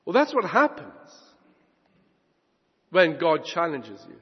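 Animated preacher in an echoing church. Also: male voice, fairly high pitch, takes it slowly, long pauses, breathy edge. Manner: emphatic, swinging between loud and hushed. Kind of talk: sermon. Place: church hall. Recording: dull recording in a long-reverb hall.

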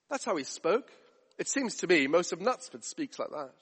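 A man's voice: high-pitched, very animated, normal speed, slightly rough, long reverb tail. A man preaching a sermon, emphatic with rhetorical questions and repetition.

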